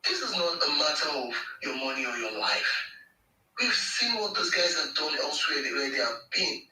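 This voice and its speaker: A man's voice: on the high side, lively intonation, moderate pace, pushed and bright, roomy sound, recorded from a distance, faint music behind, poor audio. A Nigerian man giving an impassioned, emphatic political speech on a live audio space, hammering points home with repetition. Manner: emphatic, repeats phrases for effect.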